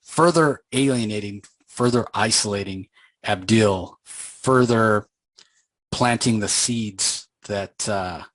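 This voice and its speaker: A man's voice: on the low side, takes it slowly, a bit bright, dry recording, poor audio. A man casually recapping a comic book story in a loose, conversational way, with plenty of fillers.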